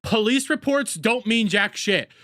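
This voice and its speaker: A man's voice: high-pitched, expressive, unhurried, a bit bright, no echo, studio quality. A man doing crude, sarcastic reaction commentary as a streamer, mocking the people he watches.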